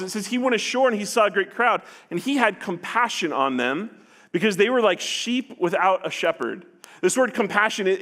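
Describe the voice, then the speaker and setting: A man preaching to his church with a voice sitting high for a man. He speaks earnestly, often stumbling and restarting phrases, and acts out what the people in the story would say. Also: a bit bright. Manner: earnest, with repeated restarts and acted-out paraphrases. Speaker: pastor. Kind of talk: sermon.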